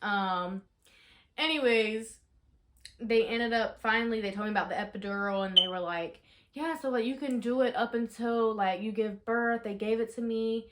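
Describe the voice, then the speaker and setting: A young woman in her twenties, telling a story casually in a vlog, chatty and full of fillers, shouting out the dramatic parts. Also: a little high, moderate pace, slight background noise. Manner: chatty, animated, lots of fillers, rises to shouting in re-enactments. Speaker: vlogger.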